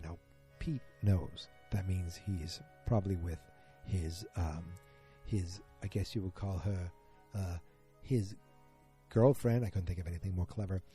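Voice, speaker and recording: A man's voice: on the low side, mellow. A man hosting a solo podcast, recapping a show episode in a rambling casual way with many fillers. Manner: rambling, frequent fillers, quick retelling of scenes. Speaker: podcast host.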